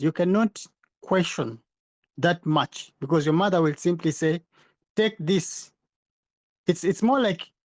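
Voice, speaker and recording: A man with a slightly raised pitch hosts an online audio discussion, talking earnestly and explaining ideas step by step. He often restarts words mid-sentence. The sound is close and dry. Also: a little mellow, dry recording. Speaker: podcast host. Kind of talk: casual discussion.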